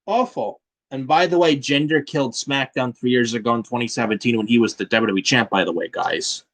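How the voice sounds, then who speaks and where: A man's voice: mid-range voice, brisk, a bit bright. A man hosting a casual wrestling review, blunt and fond of swearing, with "man" tacked onto many lines. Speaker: podcast host.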